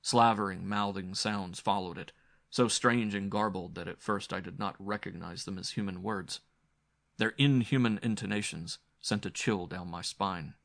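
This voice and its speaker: A man's voice: deep voice, moderate pace, gravelly, fairly bright tone. A man narrating a gothic horror story in the first person, grim and dramatic. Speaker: audiobook narrator.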